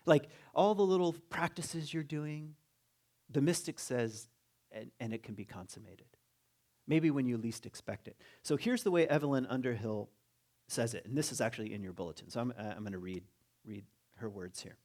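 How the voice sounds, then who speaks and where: A guest teacher speaks in a church sanctuary, delivering a spiritual talk in a chatty, animated, joking manner. His pitch is medium, and he reads quotations aloud slowly.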